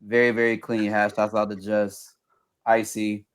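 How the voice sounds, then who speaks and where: Ein Mann unterhält sich als Co-Moderator locker und entspannt über Kappen und lacht oft. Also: male voice, fairly low pitch, completely flat delivery, measured pace, clean tone. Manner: laid-back, laughs easily. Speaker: co-host. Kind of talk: casual chat.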